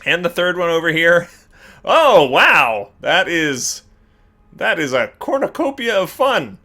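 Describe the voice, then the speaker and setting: A man hosting a casual gaming video, reacting with animated exclamations and laughter. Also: fairly high pitch, slow. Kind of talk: casual game commentary.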